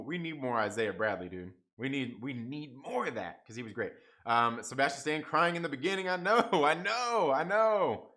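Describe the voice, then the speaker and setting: A young man hosting a casual livestream review, excitable, repeating himself and swearing often. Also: medium pitch. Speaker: YouTube show host reviewing TV episodes.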